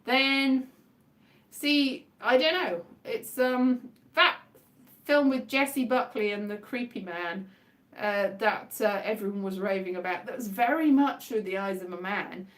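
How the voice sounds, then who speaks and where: A woman's voice: mid-range voice, measured pace, fairly bright tone. A woman chatting casually on a livestream, rambling and self-mocking with a wry tone. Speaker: livestream host.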